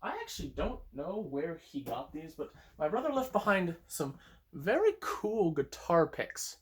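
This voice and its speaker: A man's voice: fairly high pitch, very animated, unhurried. A young man chatting casually while playing guitar in a room at home, thinking aloud with hesitant restarts, recorded on a phone. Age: young adult. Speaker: amateur songwriter streaming a guitar session.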